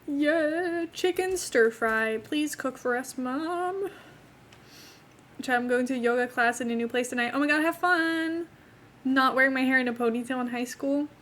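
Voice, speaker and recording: A young woman with a notably high voice rambles through a casual live stream, talking to her viewers and to the characters in her game. A faint hiss sits under her voice. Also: fairly bright tone. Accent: not from England. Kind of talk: casual live-stream chat while playing a life-sim game.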